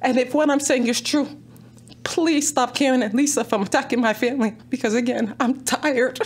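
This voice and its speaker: A woman's voice: sits high, steady tone, normal speed, husky. A woman speaking at a town council public comment, emotional, pleading and insistent.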